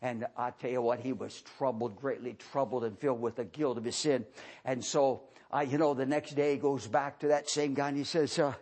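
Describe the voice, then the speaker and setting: A man preaching a revival sermon who swings between fervent shouted highs and low, hushed passages. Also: steady tone, moderate pace.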